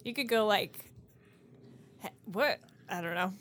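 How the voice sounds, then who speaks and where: A woman's voice: mid-range voice, lively intonation, measured pace, a bit bright. A woman guest on a podcast, joking and bantering casually with the host. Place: Seattle area.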